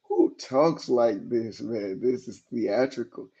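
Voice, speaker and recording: A man's voice: mid-range voice, slow pace, warm tone, breathy edge, highs cut off. A man giving casual commentary as he reacts to messages, often repeating words as he trails off.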